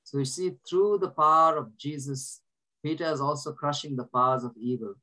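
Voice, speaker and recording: A man's voice: fairly high pitch, moderate pace, pushed and bright, poor audio. A man leading a group, reading scripture and teaching in an earnest way, often restarting his words. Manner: asks listeners to repeat verses. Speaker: prayer group leader.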